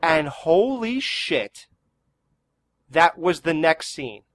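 Brief: man co-host with a slightly high voice, dry sarcastic storyteller, swears freely. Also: sing-song, extremely slow, gravelly, fairly bright tone. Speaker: podcast co-host. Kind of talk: casual movie review chat.

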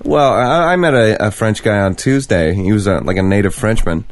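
A man's voice: on the low side, normal speed, dry recording. A man co-hosting a casual podcast chat, telling jokey stories and putting on a mock French voice. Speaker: podcast co-host.

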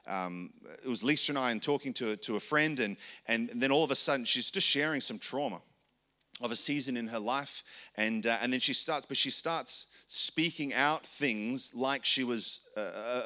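A man's voice: mid-range voice, sharp tone. A man teaching in an earnest, conversational sermon, with frequent restarts. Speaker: pastor.

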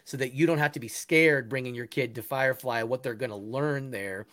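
A man's voice: mid-range voice, brisk, fairly bright tone. A man talking as an interview guest, earnest and enthusiastic, often restarting his sentences. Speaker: guest, musician and education founder. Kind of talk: casual interview talk.

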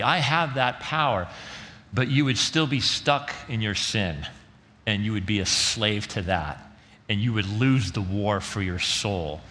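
A preacher giving voice to Jesus, a calm and solemn man in his thirties who speaks low and measured. The words carry a bright, forceful edge and trail off into the long reverb of a large hall.

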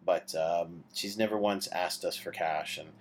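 A man's voice: low voice, fairly even intonation, unhurried, a little hiss or hum. A man hosting a podcast, rambling casually with many hesitations and restarts. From Canada. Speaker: podcast host. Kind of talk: casual chat.

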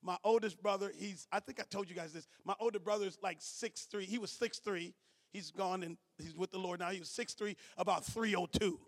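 A man preaching a sermon as pastor, calling to the congregation, swinging from shouts to low asides. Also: steady tone, a little fast. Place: church sanctuary. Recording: church hall reverb.

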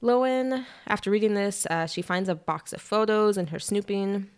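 A young woman casually retelling a novel on a chat podcast, animated, with quick asides and lots of "like". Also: mid-range voice, smooth.

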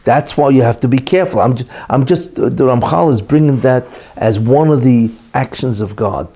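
Rambling male religious teacher, mellow voice. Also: mid-range voice, normal speed, husky. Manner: rambling, frequent "you know" asides and restarts. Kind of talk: informal Torah class talk.

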